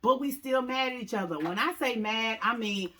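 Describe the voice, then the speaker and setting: Woman, fairly high voice, casual storytime, animated, acts out quotes, talks to viewers. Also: normal speed. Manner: animated, acts out quotes with big pitch jumps; talks straight to viewers, says "y'all" often. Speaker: co-host telling a story.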